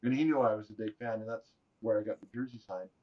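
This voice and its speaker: A middle-aged man, a podcast guest, telling animated stories in a jokey way and acting out the voices of people he quotes. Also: lowish voice, fast. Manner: jokey, acts out quoted voices, laughs often. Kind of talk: animated storytelling. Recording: slightly dull lo-fi audio.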